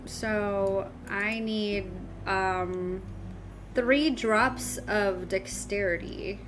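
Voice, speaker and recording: A young woman streaming a game live, excitable, laughing often and squealing as she reads the game's text aloud. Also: mid-range voice, drawn-out words, background noise.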